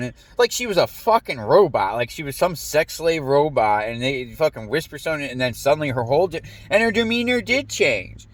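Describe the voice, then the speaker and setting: A man's voice: on the high side, fairly quick, hardly any pauses. A man telling a long, rambling story in casual talk, swearing often and acting out other people's lines in a raised voice. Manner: profane, animated, quotes people in raised voice. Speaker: podcast host.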